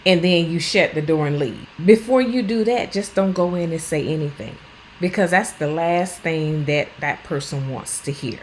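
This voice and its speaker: Plainspoken woman in her fifties, earnest and blunt, lowish voice, chatty vlog talk at home. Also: normal speed, a little hiss or hum, low-quality recording. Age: 50s. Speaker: lifestyle vlogger. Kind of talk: casual talk while cleaning.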